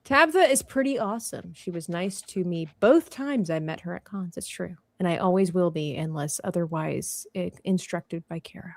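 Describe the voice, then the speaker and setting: A woman's voice: fairly low pitch, moderate pace, hardly any pauses, dry recording. A woman hosting a casual livestream art party, chatting, laughing and reading comments from the chat aloud. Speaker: livestream host.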